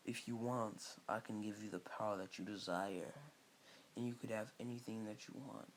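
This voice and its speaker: A man voicing a calm, scheming snake-like villain who speaks slowly and quietly. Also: lowish voice, a little hiss or hum, lightly acted.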